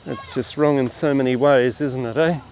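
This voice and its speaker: A man's voice: medium pitch, fairly even intonation, normal speed, a little mellow, a little hiss or hum. A man giving casual, wry walking commentary to a handheld camera outdoors on a beachfront street. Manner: wry, chatty asides to the camera. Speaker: vlogger on a walking tour.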